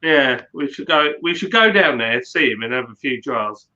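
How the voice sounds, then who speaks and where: A bright, lively man chatting on a livestream, his pitch bouncing around as he jokes with his co-host. His voice sits a little high and carries a dull, lo-fi stream sound. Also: moderate pace. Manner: excitable, jokey, slips into silly put-on voices. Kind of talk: casual live chat over beers. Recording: slightly dull lo-fi stream audio.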